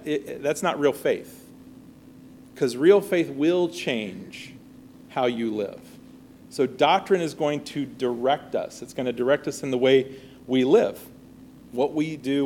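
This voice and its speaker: Man, fairly high voice, teaching a class, talks casually and checks in with "all right?", faint noise. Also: a little mellow. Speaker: Bible teacher. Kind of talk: classroom Bible lesson.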